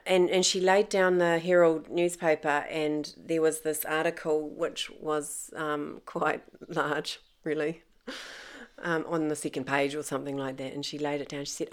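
A middle-aged woman telling her own story in a lively way, laughing often and acting out the voices of people she quotes. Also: deep voice, normal speed. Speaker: interviewee. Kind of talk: personal storytelling.

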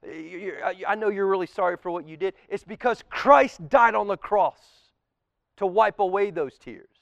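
A male pastor delivers a sermon in a fairly high voice. He is impassioned, rising to loud emphasis and sinking to hushed, near-whispered lines. The sound is close and dry. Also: normal speed, creaky, no echo, muffled recording. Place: church auditorium.

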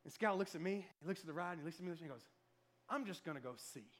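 A man preaching a sermon, telling a lively personal story and acting out the voices of the people in it. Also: fairly high pitch, rapid-fire. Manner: storytelling, animated, acts out quoted voices. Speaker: pastor.

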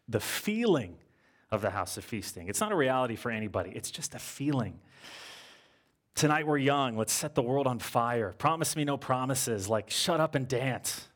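A man preaching a sermon in a lively, conversational way, joking with the congregation and slowing down to stress scripture quotes. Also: on the low side. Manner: lively, conversational preaching with casual slang and jokes; slows and stresses when quoting scripture. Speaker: pastor.

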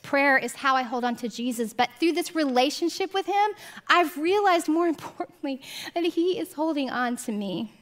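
A woman giving a heartfelt devotional talk, telling a story earnestly and sometimes dropping to hushed tones. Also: high-pitched, lively intonation, moderate pace. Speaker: Christian speaker.

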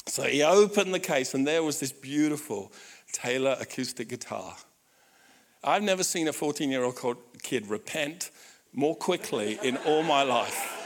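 A middle-aged pastor tells a story from the pulpit in a slightly higher-than-usual man's voice. He checks in with his listeners and often restarts his sentences. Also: moderate pace. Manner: animated personal storytelling with frequent restarts and audience asides. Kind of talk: sermon storytelling.

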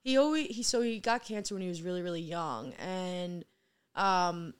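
A woman's voice: lowish voice, moderate pace, clear, resonant tone. A woman in her twenties talking as a guest in a casual conversation, telling stories with lots of "like". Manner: chatty storyteller, fills with "like".

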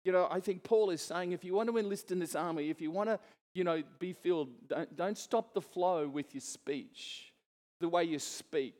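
A man's voice: high voice, moderate pace, darkish tone, in a large hall. A middle-aged man preaching a sermon as a pastor, earnest and conversational, turning to the congregation with asides.

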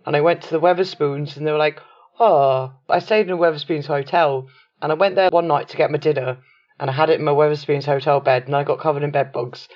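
A woman's voice: deep voice, fairly even intonation, fast, highs cut off. A woman telling a story in casual podcast chat, swearing freely. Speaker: podcast co-host.

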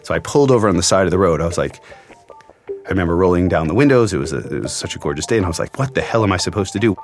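A man's voice: low voice, animated, racing, faint music behind. A man, a journalist, earnestly retelling an emotional story from his own experience, quoting the dialogue. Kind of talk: storytelling interview.

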